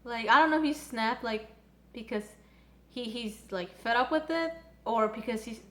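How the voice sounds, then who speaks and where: A young woman with a slightly high voice gives a rambling, casual episode recap. She giggles, swears freely and fills her talk with "like," recorded on a phone. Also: normal speed, fairly bright tone. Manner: chatty, giggly, swears a lot, many "like"s. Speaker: anime reviewer.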